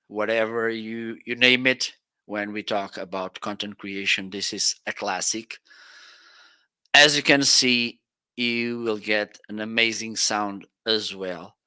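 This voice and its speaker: With a clean, bright tone at a fairly low pitch, a man slowly demonstrates microphones in a live-stream product review. He is casual and explanatory while testing studio mics on a boom arm on air.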